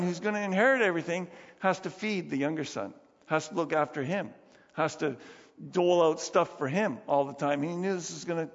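A man's voice: high voice, fairly bright tone. A man preaching a sermon as pastor, conversational and emphatic, acting out the lines he quotes. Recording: dull lo-fi sound, long hall reverb.

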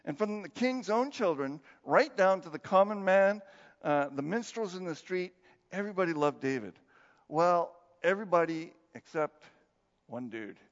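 A male pastor preaches a conversational sermon in a high, expressive voice at a moderate pace, laughing often and acting out the people he quotes. The recording sounds dull, with long hall reverb.

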